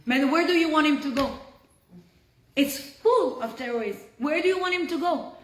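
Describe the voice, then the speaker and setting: A fairly high-pitched woman gives a Torah lesson over a video call and tells the story in an animated way. She turns hushed at the tense moments, and her voice carries a roomy echo. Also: normal speed, slight background noise. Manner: animated storyteller, drops to hushed tones for tension. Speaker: Torah teacher.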